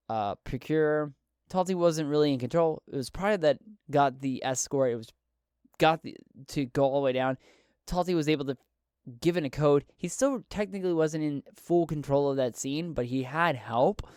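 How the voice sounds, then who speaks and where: A man's voice: on the high side, darkish tone, clean tone, no echo, studio quality. A man narrating and running a solo tabletop game in a casual, rambling way, often restarting his sentences.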